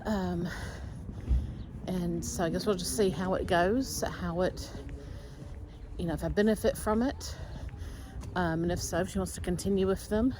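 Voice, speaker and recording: A woman's voice: lowish voice, fairly even intonation, moderate pace. Woman in her forties, casual vlog talk, rambling, candid, noisy background. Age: 40s. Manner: rambling and candid, many fillers. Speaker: vlogger.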